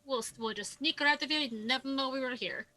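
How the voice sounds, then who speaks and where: Woman player, high, bright, curt, flustered. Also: quick pace. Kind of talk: in-character tabletop play.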